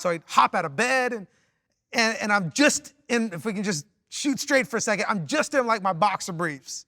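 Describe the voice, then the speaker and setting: A pastor with a high-sitting voice preaches a sermon, speaking a little fast in clean studio sound without echo. He tells stories animatedly with wry, self-mocking humor and opens his points with "see."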